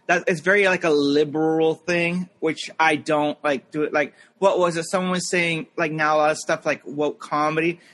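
Man, 30s, casual podcast co-host; high bright voice, rambling storyteller. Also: steady tone, normal speed, hardly any pauses. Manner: rambling, lots of fillers, mimics people in anecdotes.

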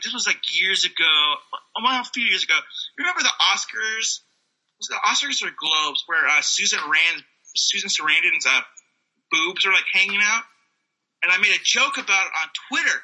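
A high-pitched man in his thirties rambles through casual stories, leaning on constant fillers and dropping into goofy character voices. His tone is very bright and sharp. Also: rough recording. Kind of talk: casual storytelling monologue.

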